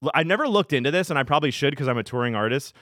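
A man's voice: mid-range voice, expressive, very fast, fairly bright tone, no room sound, studio quality. A man who tours as a DJ, chatting casually as a podcast guest and telling rambling, profane stories. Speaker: touring DJ guest.

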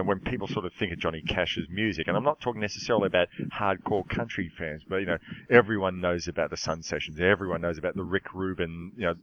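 A man hosting a podcast, talking casually about a film in a halting, rambling way. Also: low voice, fairly bright tone, no echo, dull audio. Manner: rambling, halting, many restarts. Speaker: podcast host.

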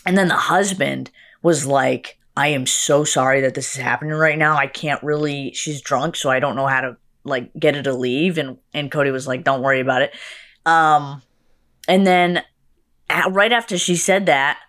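A young woman telling a story in casual chat, acting out what others said. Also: normal speed. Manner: animated, acts out quotes with big pitch jumps. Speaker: guest.

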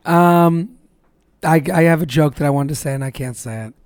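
A man with a Northeastern US accent, co-hosting a podcast in casual banter and tossing out quick jokes. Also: on the high side, darkish tone, no room sound, studio quality. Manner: joking, quick asides. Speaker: podcast co-host, comedian.

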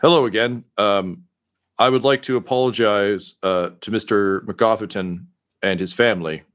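A man's voice: on the low side, fairly even intonation, normal speed, fairly bright tone, natural voice. A man voicing an agitated but sheepish male announcer who stammers through an apology.

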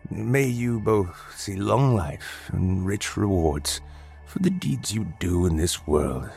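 A man voicing a frail old homeless man in a read-aloud story, with a hoarse, scratchy, courteous and formal way of speaking. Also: deep voice, animated, a little slow, faint music behind, exaggerated voice. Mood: grateful, courteous. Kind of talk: storybook narration.

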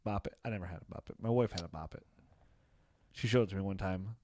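A man's voice: deep voice, quick pace, darkish tone, no echo. A man hosting a casual sports podcast, joking around and slipping into silly voices now and then. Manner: jokey, puts on silly voices for players. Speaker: podcast host.

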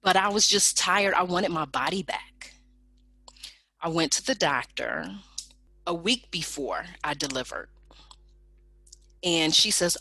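A woman telling a personal story in a lively storytelling manner, acting out the people in it with raised voices. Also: fairly low pitch, takes it slowly, pauses often, no echo. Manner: animated, acts out quoted people in raised voices.

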